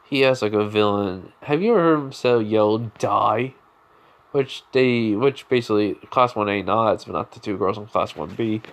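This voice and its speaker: A man's voice: lowish voice, moderate pace, hardly any pauses. A young man retelling a fan story in a rambling, off-the-cuff way, full of fillers and restarts. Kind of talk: casual improvised storytelling. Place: home room.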